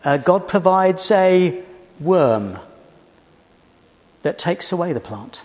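A British man preaching a sermon in a church, telling the story in a measured way and posing rhetorical questions. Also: high voice, animated, a little mellow. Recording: reverberant church hall.

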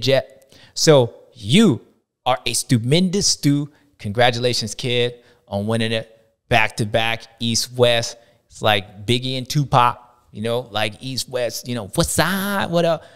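A man hosts a racing show in animated casual commentary, slangy and playful, acting out other people's reactions with big jumps in pitch. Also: smooth. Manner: slangy, drawling delivery. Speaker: host of a racing talk show.

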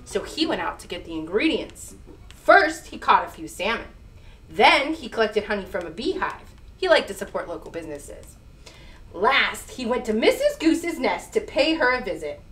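A woman, a children's librarian, hosting a storytime with sing-song, encouraging, expressive reading. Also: medium pitch, moderate pace.

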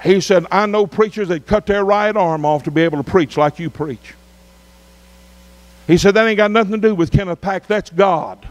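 Middle-aged pastor with a high voice, preaching a revival in drawn-out emphatic phrases. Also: male voice. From Arkansas. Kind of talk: revival sermon.

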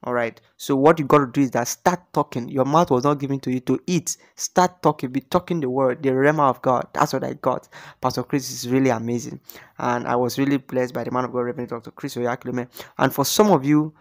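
A man's voice: mid-range voice, steady tone, a little fast. A man hosting his video channel, talking in a chatty, repetitive way and eagerly urging viewers to like and subscribe. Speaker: channel host. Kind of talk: casual video commentary.

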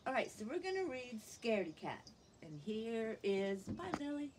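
A woman teacher reading a picture book aloud to young children, gently asking them questions as she goes. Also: fairly high pitch, big pitch swings, normal speed, slight background noise.

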